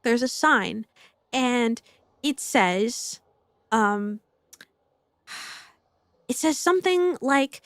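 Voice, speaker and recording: Giggly high-voiced young woman streamer. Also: takes it slowly, dry recording, clean studio sound. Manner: giggly, rambling, swears casually, loud squeals. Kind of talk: casual gameplay commentary.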